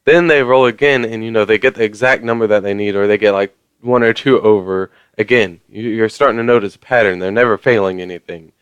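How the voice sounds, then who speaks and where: A man's voice: on the low side, fairly even intonation, brisk, clear, resonant tone, dry recording, lo-fi sound. A man ranting casually to his viewers, rambling along with lots of fillers and mild swearing. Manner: conversational, many fillers. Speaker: vlogger. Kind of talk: casual rant to camera.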